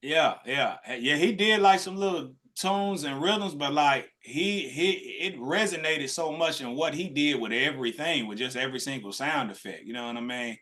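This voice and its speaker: A man's voice: a little high, moderate pace, few pauses, pushed and bright. A man co-hosting a podcast live stream, talking casually and rambling with many restarts. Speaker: podcast co-host.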